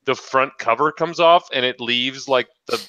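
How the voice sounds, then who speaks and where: Telling a story on his casual podcast, this man swears heavily and laughs often, animated throughout. His mid-range voice moves at normal speed, and the recording sounds lo-fi.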